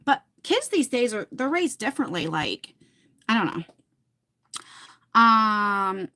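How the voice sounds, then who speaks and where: A woman's voice: on the high side, big pitch swings, takes it slowly, sharp tone. A middle-aged woman from New Jersey hosting a livestream, chatting casually and reading out viewer comments, rambling with lots of fillers and restarts. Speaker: livestream host.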